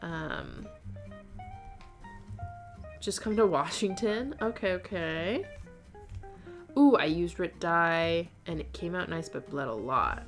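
A woman's voice: lowish voice, animated, slow pace, pauses often, soft background music. A woman hosting a casual knitting livestream, chatting and reading viewer comments aloud with frequent laughter. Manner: chatty, laughs often, reads chat aloud.

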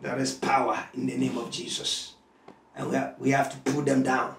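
A man with a Ghanaian accent, speaking as a prophet guest who prays and preaches in an interview, at times shouting. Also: mid-range voice, flat delivery, normal speed, vocal fry, echoey room, far from the mic.

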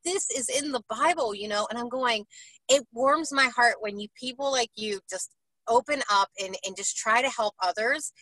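A woman's voice: fairly high pitch, moderate pace, bright, forceful tone, no echo, poor audio. A woman hosting a casual interview, gushing and enthusiastic, often tagging her points with "right?". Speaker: interviewer and host.

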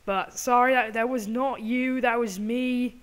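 Her voice sits on the high side, smooth and steady, and she's in no hurry as she hosts this gameplay video. Putting on an over-the-top British accent, the gaming channel host chats with her viewers and apologizes to them in little asides.

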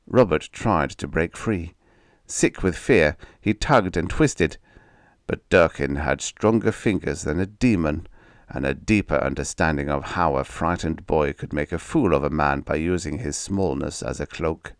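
A man narrating a dark vintage story as an audiobook reader, with measured, dramatic storytelling. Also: a bass voice, dry recording, clean studio sound.

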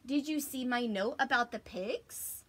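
Lady doing a bossy farmer guy checking up on the farm, storybook voice, a bit high. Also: measured pace, a bit bright, slight background noise. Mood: stern. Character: grumpy man farmer checking in.

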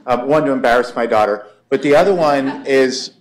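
A man's voice: mid-range voice, a little fast. A man in his forties giving a conference lecture, wry and story-driven, often checking in with "right?". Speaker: conference speaker, war college lecturer. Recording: echoey lecture room.

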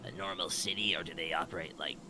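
A man playing a character in a tabletop game, sighing and asking halting questions. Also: sits low, steady tone, bright, forceful tone, slight background noise. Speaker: player. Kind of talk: in-character play and chat.

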